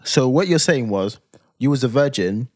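A man in his twenties with a London accent, telling a story on a podcast in casual chat, animated and swearing freely. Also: medium pitch, moderate pace, no echo, clean studio sound. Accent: London English. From England. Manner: animated, swears freely, acts out heated quotes. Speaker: podcast co-host.

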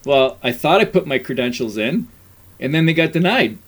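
Animated middle-aged man telling stories. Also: medium pitch, moderate pace. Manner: animated, laughs often, acts out quotes. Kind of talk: casual storytelling chat.

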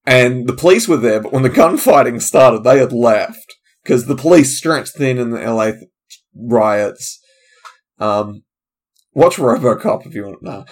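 A man's voice: medium pitch, unhurried. A man hosting his own comedy podcast solo, chatting loosely and drifting from one tangent to the next. His voice sits in an ordinary middle register, and he often trails off mid-thought before circling back. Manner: casual, loose and digressive, trailing off, many fillers. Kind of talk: rambling solo podcast chat.

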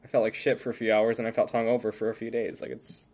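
A young man co-hosting a podcast from the United States, joking in quick casual banter. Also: lowish voice, flat delivery, darkish tone. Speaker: podcast co-host. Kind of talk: casual chat.

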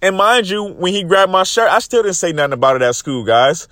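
A man's voice: high voice, brisk, fairly bright tone, no room sound, studio quality. A young man telling a story into his phone in a fired-up, profane monologue, repeatedly addressing his viewers as "guys". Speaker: vlogger.

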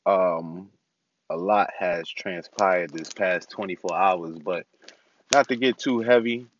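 In his parked car, a young man hosting his own podcast gives a relaxed, meandering update peppered with ums. He has a low voice and slow delivery, and the lo-fi recording carries a bit of hiss or hum.

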